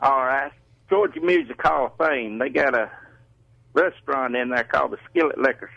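A man's voice: medium pitch, moderate pace, gravelly, a bit bright, no echo. A man calling in to a radio show, telling a story in a folksy way. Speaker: caller. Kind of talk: phone call-in chat. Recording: muffled phone line.

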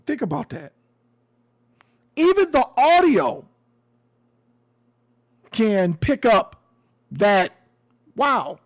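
A man giving casual commentary on a news story, talking to his audience in a conversational, emphatic and sometimes sarcastic way. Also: high voice. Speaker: commentary host.

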